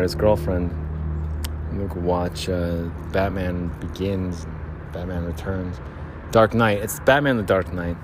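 A man hosting his podcast, rambling and joking about himself in a nasal voice, recorded outdoors by a freeway. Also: low-pitched. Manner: rambling, self-deprecating, jokey. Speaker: podcast host. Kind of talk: rambling casual monologue. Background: traffic and motorcycles.

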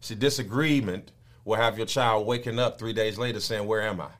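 A man preaching a sermon, moving from low, quiet explaining to high, loud, shouted peaks. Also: moderate pace.

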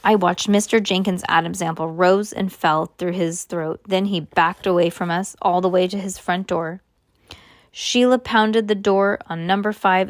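A woman's voice: on the low side, no echo, clean studio sound. A woman reading a novel aloud, now and then stopping to explain in her own words. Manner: plain reading with spoken asides. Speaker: reader.

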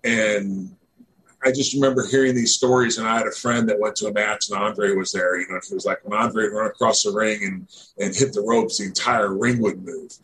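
A middle-aged man from Missouri speaks in a fairly low voice, looping through his memories with plenty of "you know" and "man". His talk is relaxed, conversational and digressive, like a guest on a podcast. A faint hiss of noise sits underneath the recording. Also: moderate pace, low-quality recording. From Northeast Missouri, USA. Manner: rambling, heavy on fillers like "you know" and "man". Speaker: guest, former pro wrestler. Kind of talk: casual interview storytelling.

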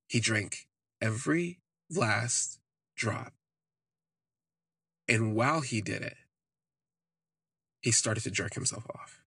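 A man's voice: fairly low pitch, extremely slow, vocal fry, long pauses, sharp tone, husky, no echo. A man hosting a podcast, telling a personal story in a candid, rambling way, full of "like" fillers. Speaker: podcast host. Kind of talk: casual first-person storytelling.

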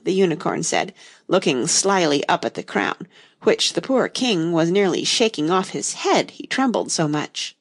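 A woman reading a storybook aloud in an expressive, measured way. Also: on the low side. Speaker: narrator.

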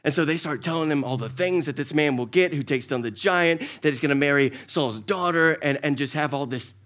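Animated Southern pastor preaching, slightly high. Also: male voice. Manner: animated storytelling, acts out characters. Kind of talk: sermon.

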